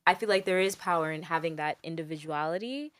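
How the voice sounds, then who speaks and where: A woman's voice: deep voice, fast talker. A woman hosting a podcast, enthusiastic, agreeing often and asking questions. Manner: enthusiastic, lots of agreeing, rising exclamations. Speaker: podcast host. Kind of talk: casual chat.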